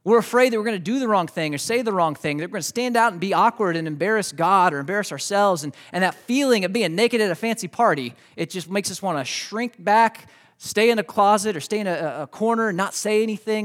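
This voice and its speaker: A pastor with a notably high voice for a man delivers a sermon in a loose, storytelling style. He often stumbles and restarts words, talking straight to the people in the pews. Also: fairly bright tone. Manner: conversational storytelling, repeats words; addresses congregation directly.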